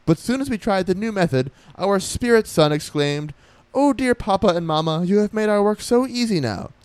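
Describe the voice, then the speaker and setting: A man's voice: high-pitched, expressive, normal speed, darkish tone, clear, resonant tone, no echo, voice pushed up. A man voicing an earnest male spiritualist letter writer from the 1870s, read in a formal, old-fashioned way that is nearly a transatlantic accent.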